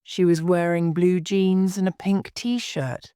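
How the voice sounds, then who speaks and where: An anxious but steady young woman explains the situation earnestly, voiced by a woman narrator. Her voice is low and slow, with a warm, relaxed sound. The recording is dry. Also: clear, resonant tone, dry recording.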